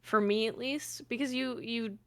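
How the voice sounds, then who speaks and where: A woman's voice: fairly high pitch, steady tone, moderate pace. A woman on a panel, speaking reflectively from her own experience in casual discussion. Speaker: panel guest.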